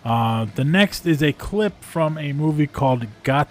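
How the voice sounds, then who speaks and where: A man's voice: on the high side, expressive, a little slow, soft background music. A man giving a casual, rambling review of video clips, amused and full of fillers. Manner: amused, rambling, frequent ums and uhs.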